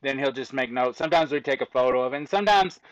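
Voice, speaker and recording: A man's voice: mid-range voice, quick pace, dry recording, dull audio. A man working as an autopsy technician, casually explaining his work and acting out back-and-forths with commenters. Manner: lively storyteller acting out exchanges with commenters.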